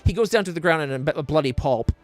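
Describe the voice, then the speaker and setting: A man's voice: fairly high pitch, expressive, rapid-fire, faint music behind. A man streaming a game blind, ranting in exasperated, profane casual commentary into a desk mic.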